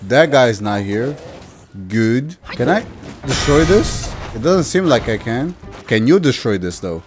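A young man playing a video game, commenting with loud, exasperated reactions and slang. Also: mid-range voice, animated, a little slow. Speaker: gaming youtuber. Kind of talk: let's play commentary. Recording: commentary over clear game music.

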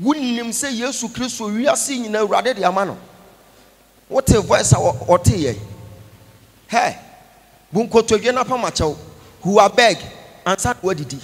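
A prophet giving a call-and-response sermon, moving between English and Twi and breaking into chanted, sung lines and shouts. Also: male voice, sits high, lively intonation, normal speed, long pauses. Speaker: prophet preaching. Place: large church conference hall.

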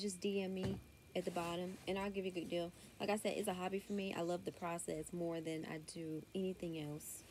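Southern mom, casual haul chat at home, mid-pitch, relaxed drawl, tablet mic, faint noise behind. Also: female voice. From Southern United States. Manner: chatty, drawling, says y'all a lot. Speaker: vlogger. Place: home room. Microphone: tablet built-in mic.

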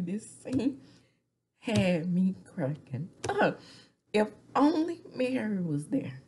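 Gossipy woman vlogger, 40s, unhurried and breathy, whispers asides. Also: medium pitch, sing-song, mellow. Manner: gossipy, laughing often, drops into whispers. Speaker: recap vlogger. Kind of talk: casual reality-TV recap.

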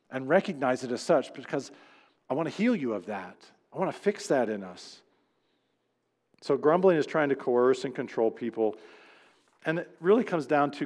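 A man's voice: medium pitch, a little mellow, big-room sound. A man preaching a sermon as pastor, telling stories in a conversational way and acting out the people he quotes. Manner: conversational storytelling preacher, acts out quoted voices. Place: church sanctuary.

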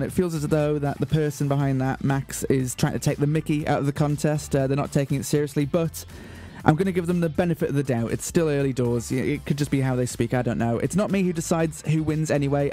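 A man hosting a community radio show, announcing in a mock-grand, deadpan way. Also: a little high, fast talker. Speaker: radio host. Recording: faint music bed behind.

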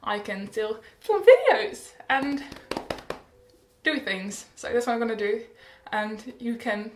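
A woman's voice: a little high, expressive, slow pace, reverberant, a little hiss or hum. A teenage girl chatting casually in a rambling, bubbly update vlog, often laughing and correcting herself. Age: teens. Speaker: vlogger.

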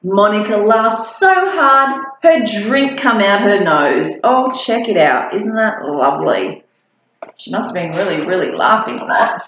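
A woman reading a children's picture book aloud, playful and animated, asking her listeners questions, recorded in an echoey room with dull, lo-fi sound. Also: medium pitch, unhurried. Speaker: storybook reader.

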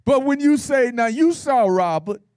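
A man pastor leads a Bible study in a folksy, teasing call-and-response style. His voice sits high and swoops all over the place. The sound is dry and close. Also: animated, measured pace, darkish tone, clear, resonant tone, dry recording. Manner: folksy, playful, call-and-response preaching with laughter.

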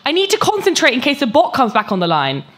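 A woman reading aloud, voicing a panicking young man who shouts frantically on an emergency call. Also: high voice, wildly swooping pitch, quick pace, voice pushed up, heavily acted. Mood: frantic shouting.

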